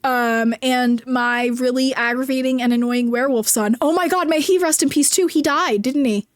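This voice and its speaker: A young New Jersey woman with a Jersey accent streams while gaming, chatting casually and reading chat. She rambles, giggles, and pokes fun at herself in a high voice at a moderate pace. The studio-quality recording is dry.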